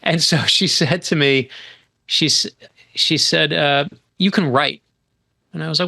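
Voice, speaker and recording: A middle-aged man from New York, a guest author telling a story on a podcast in an animated, emphatic way, often restarting his sentences. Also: fairly high pitch, moderate pace, vocal fry.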